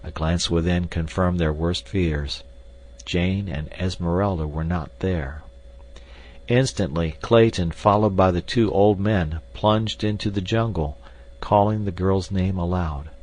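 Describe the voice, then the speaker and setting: A man narrating an audiobook in a steady, even reading. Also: low voice, unhurried. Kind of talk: scripted narration.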